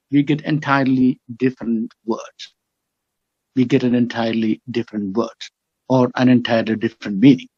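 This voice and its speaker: A middle-aged man with a Kerala English accent, giving a lecture on English usage. He is emphatic and repeats words slowly to show their stress. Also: medium pitch, breathy edge. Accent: Indian English, Kerala. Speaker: guest speaker. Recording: dull lo-fi recording.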